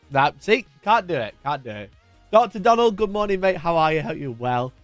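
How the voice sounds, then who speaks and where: Man, high-pitched voice, casual live-stream host, jokey, greets viewers by name, dry close mic. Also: very animated, brisk, dry recording, soft background music. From United Kingdom.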